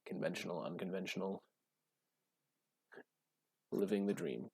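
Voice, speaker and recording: A man giving casual gameplay commentary while drafting cards, gushing and breaking into high excited shouts. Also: measured pace, gravelly, breathy edge. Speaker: card game drafting streamer.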